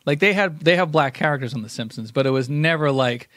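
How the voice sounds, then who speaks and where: A man's voice: on the high side, lively intonation, fast talker, fairly bright tone, dry recording, studio quality. Man talking things through on a podcast. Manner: thoughtful, many restarts, explains at length. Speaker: podcast co-host. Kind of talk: casual chat.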